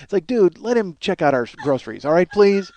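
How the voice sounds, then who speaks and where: A man's voice: high-pitched, sing-song, brisk, darkish tone, no echo. A man hosting a podcast, telling a rambling, profane comic story with mounting exasperation. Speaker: podcast host.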